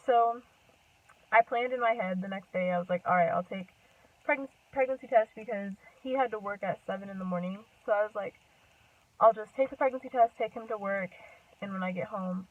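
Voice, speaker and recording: A young woman chats to her camera, telling a long personal story in a loose, rambling way and filling pauses with "like" and "um". Her voice sits in a middle pitch and sounds thin and phone-like. She is set back from the microphone. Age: young adult. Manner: chatty, rambling, full of "like" and "um", laughs often. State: a bit out of breath. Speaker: vlogger. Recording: distant tinny phone-like sound.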